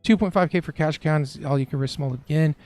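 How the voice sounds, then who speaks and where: A man's voice: on the high side, quick pace, a little mellow, no echo, faint music behind. A young man who trades live on a stream, chatting casually with his chat and laughing often.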